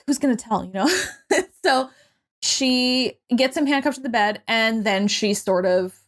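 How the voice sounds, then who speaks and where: Animated woman recapping a movie. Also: a little high, measured pace. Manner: animated retelling with quoted voices and swearing. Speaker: podcast co-host.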